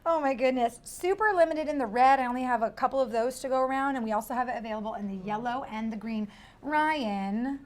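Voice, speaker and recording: A woman's voice: a little high, brisk. A woman hosting a live home shopping show, selling with a bubbly, playful patter. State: winded. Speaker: shopping channel host. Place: television studio.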